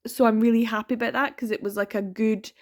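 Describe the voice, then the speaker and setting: A woman's voice: on the high side, fairly even intonation, quick pace, a little mellow. A young woman from the Isle of Lewis with a Scottish Western Isles accent, chatting casually and reflectively in a reading vlog, often trailing off and restarting. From Isle of Lewis, Scotland. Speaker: book vlogger.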